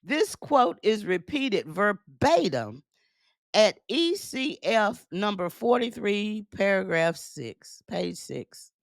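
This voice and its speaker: A woman's voice: medium pitch, sing-song, slow, gravelly, dry recording, clean studio sound. A woman news commentator reading aloud from a court order and breaking in with emphatic remarks, repeating phrases as she goes.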